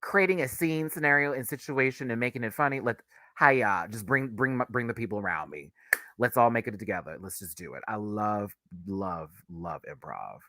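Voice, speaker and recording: Sassy, lively young man reviewing a show. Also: fairly low pitch, no echo. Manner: animated, laughing, sassy asides. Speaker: reaction video host. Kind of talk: casual review chat.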